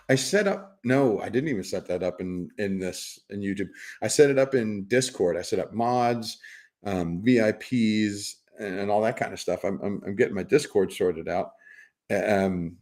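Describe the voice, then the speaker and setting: A man's voice: lowish voice, moderate pace, a little mellow. A middle-aged man hosting a casual livestream, rambling and teasing his chat with frequent chuckles and repeated words. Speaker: livestream host reading chat.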